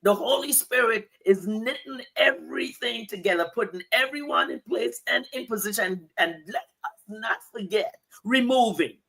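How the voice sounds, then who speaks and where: A woman's voice: fairly high pitch, normal speed, vocal fry, fairly bright tone, slightly rough. An older woman in church leadership, speaking earnestly in a preaching style about faith. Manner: earnest, exhorting.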